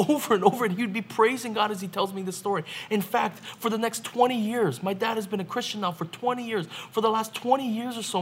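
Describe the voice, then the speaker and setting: A man's voice: sits high, fairly bright tone. Man preaching a sermon, emphatic, repeats phrases, rhetorical questions, faint noise behind. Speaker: pastor.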